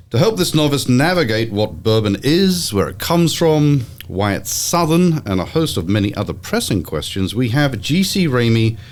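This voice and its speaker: A man hosting an interview podcast, poking fun at himself while he introduces his guest and asks questions. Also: fairly low pitch. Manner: self-deprecating, scripted intro then relaxed questions. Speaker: podcast host.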